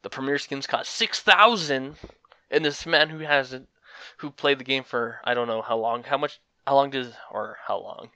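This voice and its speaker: A man's voice: mid-range voice, moderate pace, pushed and bright, dry recording. A young man giving casual, rambling commentary on a fighting game, with frequent fillers and chuckles. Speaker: gaming commentator.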